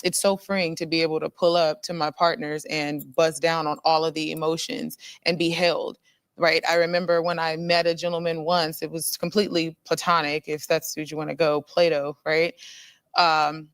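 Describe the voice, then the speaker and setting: A woman on a discussion panel, speaking earnestly and deliberately about her relationships and repeating phrases for weight. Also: low-pitched, fairly even intonation, clear, resonant tone, no room sound. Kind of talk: earnest personal testimony.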